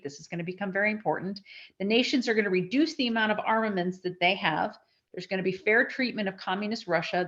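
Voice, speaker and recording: Speaking at a medium pitch, a woman presents a live history lecture to an audience in an animated, conversational manner, often starting her sentences over. The audio is dull.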